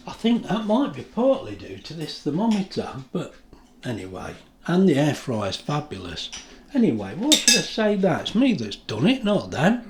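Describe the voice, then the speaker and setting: A man's voice: a little high, a little mellow, roomy sound. A middle-aged man with a chatty, homely way of talking, laughing often as he chats to camera in his kitchen. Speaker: food vlogger. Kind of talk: casual chat to camera. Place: home kitchen.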